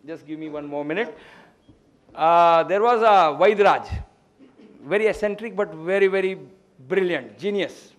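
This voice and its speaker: A man giving a lecture, his voice pitched notably high. He talks in a discursive, storytelling way and winds up with an anecdote. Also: a little slow. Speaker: guest speaker on greenhouses.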